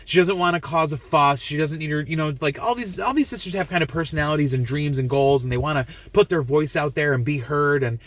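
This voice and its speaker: A man's voice: fairly high pitch, brisk, few pauses, a bit bright, dry recording. A man giving a casual, earnest film review to camera, gushing and emotional, often restarting and repeating himself. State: emotional, moved.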